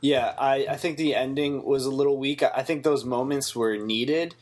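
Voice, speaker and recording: A man's voice: medium pitch, fairly even intonation, normal speed. A man co-hosting a casual TV review podcast, talking bluntly and mockingly and swearing freely. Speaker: podcast co-host.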